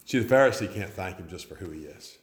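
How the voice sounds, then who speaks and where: A man's voice: low-pitched, expressive, fast talker, reverberant. A man in his forties preaching a sermon, telling stories and acting out the voices of the people he quotes. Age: 40s. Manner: storytelling, acts out quoted voices. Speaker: pastor.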